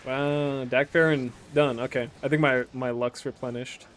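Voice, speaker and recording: A man chatting casually as a game streamer, rambling and swearing, often trailing off into quiet mutters as he plays. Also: medium pitch, steady tone, normal speed, slight background noise. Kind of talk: casual commentary while playing.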